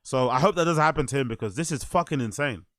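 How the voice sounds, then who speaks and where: A man's voice: mid-range voice, lively intonation, quick pace, fairly bright tone, dry recording. A man hosting a stream, reacting to a podcast clip with incredulous, mocking, profane commentary. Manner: incredulous, mocking, swears a lot.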